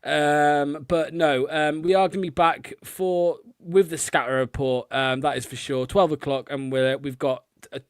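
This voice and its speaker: A man hosting a live fan stream, his voice smooth and fairly high for a man. He chats loosely and swears freely, filling gaps with ums. The sound is dry and close to the mic. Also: steady tone, a little slow, hardly any pauses, dry recording. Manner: frustrated, sweary, many filler ums. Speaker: host of a fan watchalong stream. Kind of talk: casual live-stream chat.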